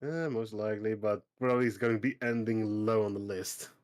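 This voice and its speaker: A man streaming a game, chatting casually and reading entries aloud in a relaxed, rambling way. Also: on the low side, a little fast. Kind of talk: casual gaming chat. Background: faint game music.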